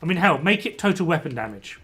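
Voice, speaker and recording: Ranting man with a bright, tense voice. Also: on the high side, sing-song, fast talker, slightly rough. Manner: ranting, exasperated, swears freely. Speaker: game streamer. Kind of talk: casual gameplay commentary to chat.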